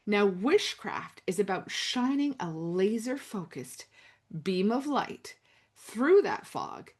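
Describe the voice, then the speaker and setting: A woman coaching listeners through spoken affirmations, slow and intimate, with dramatic pauses and drops to a near whisper. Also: mid-range voice, darkish tone. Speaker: self-help coach. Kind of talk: guided affirmation talk.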